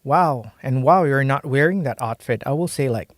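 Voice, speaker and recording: Indonesian accent guy teaching casually, medium voice, kinda hesitant, thinks out loud, dry recording. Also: mid-range voice, moderate pace, no room sound. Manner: thinks aloud, hesitant and searching for words. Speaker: language teacher. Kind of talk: casual language lesson.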